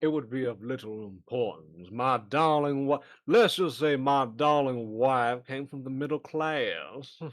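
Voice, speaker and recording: A smug, flirtatious aristocrat who lays on the flowery charm, as a man puts him on. His voice has a mid pitch and sounds dry, with no room echo. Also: unhurried, natural voice. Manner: smug, flowery, mock-gallant.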